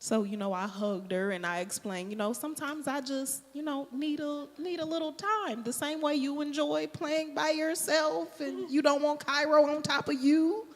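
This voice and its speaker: A mother chatting casually on a panel, relaxed and laughing as she talks. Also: sits high, big-room sound. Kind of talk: casual chat.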